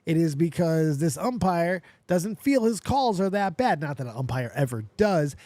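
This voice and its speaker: A man hosting a show, reacting excitedly to a video clip, often laughing and repeating himself. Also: a little high, moderate pace, dry recording. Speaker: podcast host. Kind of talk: casual reaction commentary.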